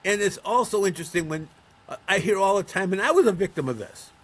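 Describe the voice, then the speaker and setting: A man's voice: high-pitched, animated, fast. A man from Buffalo, New York, a middle-aged or older counselor being interviewed, telling stories and acting out the voices of the people in them. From Buffalo, New York, USA. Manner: storytelling, acts out quoted voices. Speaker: guest, counselor of men. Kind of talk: conversational interview.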